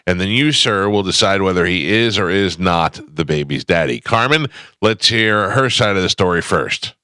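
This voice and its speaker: A man hosting a radio show game in a brisk, joking emcee manner. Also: sits low, animated, sharp tone, clear, resonant tone, no room sound, studio quality. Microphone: studio mic.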